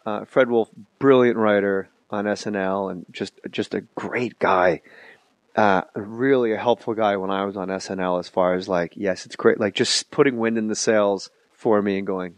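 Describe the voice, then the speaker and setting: A man hosting a podcast, telling comedic stories in a casual, animated way with profanity and quick impressions of other people. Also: on the low side, no room sound. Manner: animated storyteller, does voices in anecdotes, profane. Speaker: podcast host.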